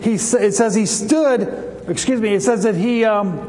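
A male preacher with a high voice delivers a passionate sermon and lifts his delivery when he quotes scripture. A long reverb trails each phrase, as in a large hall. A faint noise stays under the voice. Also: moderate pace, dark tone. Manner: passionate, rises for scripture quotes, some restarts.

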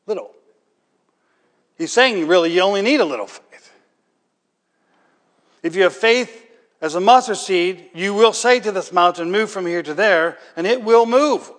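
A man's voice: sits high, unhurried, long pauses, a bit bright, in a large hall. A man preaching a sermon as pastor, talking conversationally with rhetorical questions and building to emphatic peaks.

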